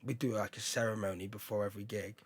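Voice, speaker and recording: A male stand-up comedian, chatting in a rambling, excitable way, often breaking into laughter and shouts. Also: lowish voice, fast, breathy edge, no echo. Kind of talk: casual chat.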